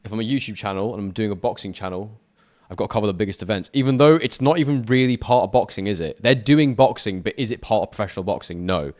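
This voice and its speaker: Male boxing YouTuber, casual live commentary, chats to his viewers, quick punch-by-punch calls. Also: fairly low pitch, darkish tone. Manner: chatty, answers viewer chat, quick play-by-play. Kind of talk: live watch-along commentary.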